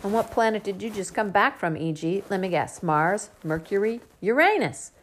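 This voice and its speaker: A woman voicing a brash, bossy uncle who teases loudly in streetwise talk, in a storybook reading. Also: medium pitch, lively intonation, moderate pace, close to an everyday voice. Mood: teasing. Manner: loud, teasing, streetwise talk. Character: brash joking uncle, adult man, bossy.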